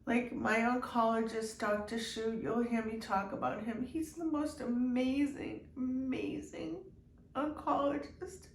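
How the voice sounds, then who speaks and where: A woman hosting her own video diary, speaking in an emotional, halting way with many restarts and fillers. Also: a little high, fairly even intonation. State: tearful at times. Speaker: channel host. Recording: echoey room, somewhat far from the mic, faint background noise.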